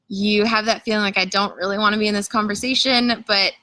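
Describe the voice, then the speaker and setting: A woman's voice: medium pitch, fairly even intonation, fairly quick, sharp tone, no room sound, rough recording. A woman coaching live viewers in a casual, chatty way, using lots of "like" and reading out comments and greetings. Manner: casual, chatty, filler-heavy with frequent "like". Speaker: coach leading an online challenge. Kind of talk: live-stream coaching talk.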